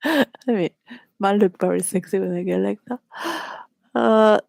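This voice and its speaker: A woman's voice: mid-range voice, measured pace, vocal fry, a little mellow, dry recording, clean studio sound. A woman from Venezuela telling candid personal stories in a rambling way, laughing often and restarting her sentences.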